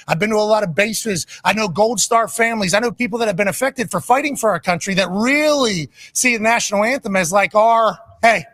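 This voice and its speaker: A man's voice: high voice, fairly bright tone. A man from Pittsburgh giving a blunt, profane, rambling on-air monologue. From Pittsburgh, Pennsylvania, USA.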